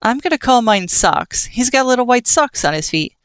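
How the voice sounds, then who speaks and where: A woman voicing a gentle young male skeleton who coos fondly over a kitten. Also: a little high, big pitch swings, normal speed, clear, resonant tone, no room sound, clean studio sound, voice pushed up. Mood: cheerful. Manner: soft, cooing, friendly.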